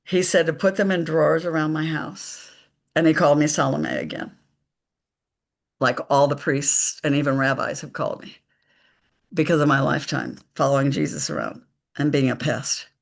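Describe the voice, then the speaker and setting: A woman, a psychic medium guest, telling stories slowly and emphatically in a live conversation, acting out the dialogue. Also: deep voice, creaky. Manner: slow, emphatic storytelling with quoted dialogue.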